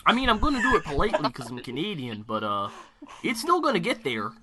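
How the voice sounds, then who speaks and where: A man's voice: a little high, wildly swooping pitch, quick pace, a loud crowd. A man co-hosting a podcast in casual chat, joking and riffing on silly bits. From United States. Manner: jokey, riffs on bits and funny voices. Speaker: podcast co-host.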